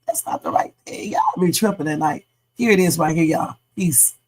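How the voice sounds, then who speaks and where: Her voice sits low with a darkish tone, at normal speed, and the recording is rough. She is a livestream host closing out a late-night stream, tired and playful, rambling casually and joking around as she says goodbye.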